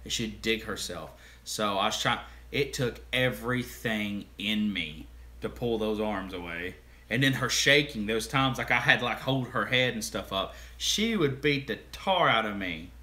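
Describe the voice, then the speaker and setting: A man's voice: fairly low pitch, animated, moderate pace, bright, forceful tone. A man chatting casually on a family vlog, rambling through stories with restarts and laughs. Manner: rambling, restarts, laughs while acting out quotes. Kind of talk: casual storytelling chat.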